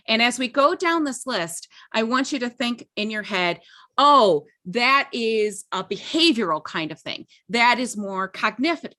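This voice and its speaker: Bright-sounding woman teacher hosting a webinar on a call, lots of ums, keeps asking okay?. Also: mid-range voice. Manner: chatty, filler-heavy explaining with frequent "okay?" checks. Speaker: webinar co-host, literacy educator. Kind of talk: presenting on a video call. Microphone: video call.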